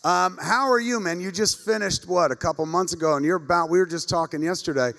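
A man's voice: high voice, a little fast, gravelly, fairly bright tone. A middle-aged man moderating a convention panel, telling rambling, profane comic anecdotes to a live audience on stage. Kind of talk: comedic storytelling to a live audience. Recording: echoey convention hall with long reverb.

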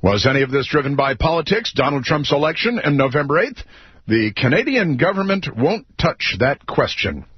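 A man's voice: a little high, very animated, normal speed, husky, no echo. A man hosting political talk radio, sarcastic, mocking and combative. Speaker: radio talk show host. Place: radio studio. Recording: dry, slightly dull studio audio.

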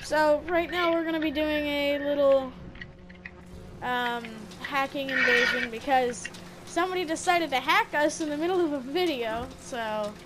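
A woman's voice: sits high, a little slow, noisy background. A woman playing along on a gaming stream, mostly with short reactions. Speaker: co-player. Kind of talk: casual gaming chat.

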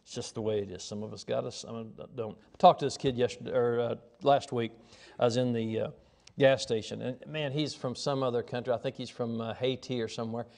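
Middle-aged man, pastor, gravelly voice, folksy sermon, quiet asides, emphatic peaks. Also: mid-range voice, fairly even intonation, a little fast. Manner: folksy storytelling preaching that swings from quiet asides to raised emphatic lines.

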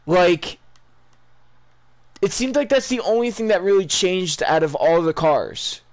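A young man giving casual, rambling live reactions to video game items, excitable and full of ums. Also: high-pitched, a little slow. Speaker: gaming YouTuber.

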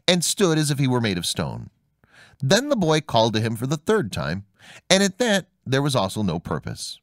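Man narrating a fairy tale, animated lively pitch, dry close sound, measured reading. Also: no echo. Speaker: storyteller.

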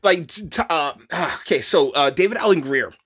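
A man giving casual reaction commentary, rambling with many stammered restarts and jumps into high laughter. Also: lively intonation, moderate pace, a bit bright, slightly rough. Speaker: YouTube commentator.

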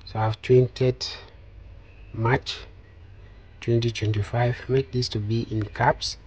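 A man calmly talking through a phone design tutorial step by step, with many fillers. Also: mid-range voice, slow, dull audio, a little hiss or hum. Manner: calm step-by-step instructions with frequent fillers. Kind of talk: screen-recorded software tutorial.

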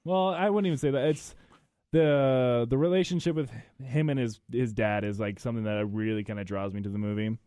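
A man's voice: mid-range voice, steady tone, a little fast, mellow, clear, resonant tone, no echo, clean studio sound. A man co-hosting a film podcast, earnest and reflective as he talks about movies he loves. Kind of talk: casual film chat.

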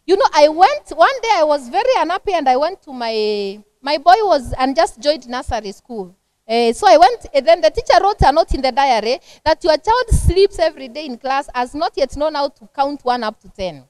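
A middle-aged woman with a Kenyan accent giving a lively, conversational seminar talk on parenting to a church women's group, acting out everyday family scenes. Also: high-pitched, no echo.

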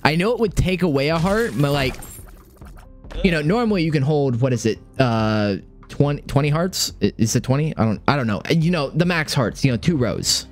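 A young man giving casual live gameplay commentary, excitable and swearing often, repeating phrases under pressure. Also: on the high side, moderate pace, faint music behind. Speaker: gaming streamer.

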